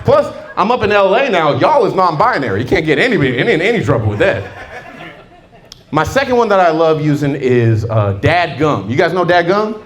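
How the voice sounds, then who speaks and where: Animated stand-up comedian, lively pitch. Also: male voice, normal speed. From Southern California. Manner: lively storytelling, full of voices and asides.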